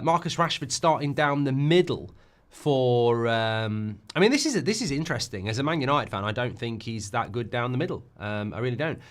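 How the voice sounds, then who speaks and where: A middle-aged man hosting a live football watchalong, talking in a rambling, excitable way and often repeating and restarting his words. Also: mid-range voice. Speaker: host.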